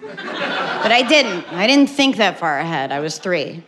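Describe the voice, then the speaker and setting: A middle-aged woman doing a stand-up comedy set on stage, telling a story deadpan with sudden loud acted bursts. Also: on the low side, normal speed, a little hiss or hum. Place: stage before a live audience.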